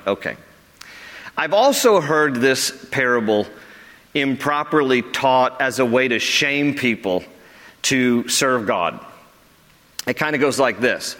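A man preaching a sermon as pastor, earnest and conversational, dropping low for emphasis. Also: animated, slow pace, pauses often, a bit bright, in a large hall.

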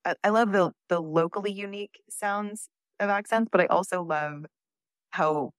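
A woman's voice: medium pitch, moderate pace, dry recording. A woman from Texas chatting enthusiastically on a podcast, gushing about what she loves. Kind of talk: casual chat.

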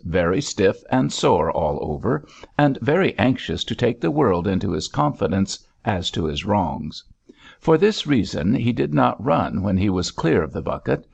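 A man reading a story aloud in measured, expressive scripted narration. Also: fairly low pitch, vocal fry, slightly rough. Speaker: audiobook narrator. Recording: dull lo-fi recording.

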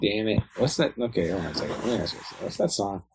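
A man's voice: fairly low pitch, lively intonation, fast talker, background noise. A man hosting a podcast, rambling in a frustrated, casual way and swearing freely. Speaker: podcast host.

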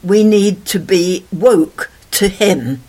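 A woman co-hosting a talk show, speaking in a measured, agreeable way. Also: medium pitch, lively intonation, warm tone, breathy edge. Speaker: co-host. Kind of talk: conversational talk show discussion.

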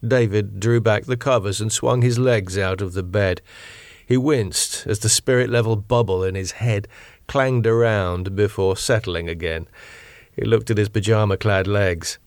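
Low-voiced man narrating a story. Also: steady tone, no echo, clean studio sound. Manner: measured, deliberate storytelling. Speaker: narrator and author. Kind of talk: scripted audio-drama narration.

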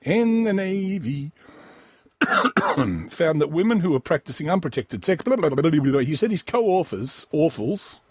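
A man's voice: fairly high pitch, very animated, measured pace, slightly rough, dry recording, studio quality. A man hosting a comedy podcast, riffing crudely and sardonically on a news story, wheezy and coughing often. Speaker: podcast host.

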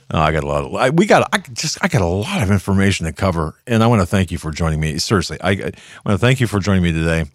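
Deep, sarcastic talk-show man. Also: sing-song, rapid-fire, no echo, clean studio sound. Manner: rambling, sarcastic, many restarts. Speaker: political talk show host. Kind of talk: casual opinion monologue.

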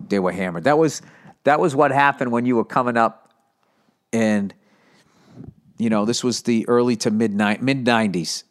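A man in his fifties hosting a solo comedy podcast, rambling through profane, animated stories full of asides. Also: on the low side. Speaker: podcast host.

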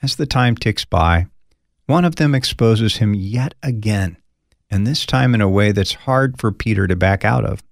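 Teaching from a Bible passage, a pastor speaks expressively and conversationally, performing the quoted lines with folksy asides. His lowish male voice is creaky and moderately paced, in a dry recording with clean studio sound.

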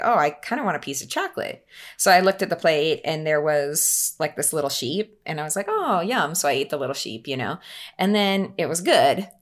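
A woman chatting casually, telling a story in a lively, self-mocking way and putting on the voices of the people in it. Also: low voice. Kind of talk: casual chat.

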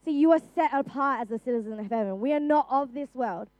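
Young Australian woman, youth preacher; high voice, earnest and chatty, dry close sound. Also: fast talker, dry recording, muffled recording. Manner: earnest, conversational, with frequent restarts and "like". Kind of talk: sermon.

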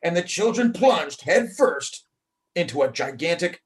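A man's voice: a little high, very animated, a little slow. Playful man reading a storybook aloud. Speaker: host and storyteller.

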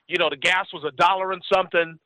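A man's voice: high voice, steady tone, quick pace, bright, forceful tone, no echo, low-quality recording. A man in his forties telling a story in casual chat, rambling and acting out the voices of the people he quotes. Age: 40s.

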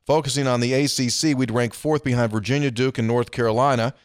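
A man's voice: medium pitch, fairly even intonation, quick pace, smooth, no echo. A man co-hosting a casual sports podcast, telling stories and reading listener emails with dry asides. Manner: storytelling, reads emails aloud with dry asides.

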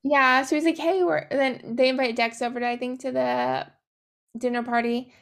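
A woman's voice: high-pitched, level tone, moderate pace, vocal fry, fairly bright tone. A woman chatting casually as a podcast co-host, recapping a movie, swearing freely and acting out the lines.

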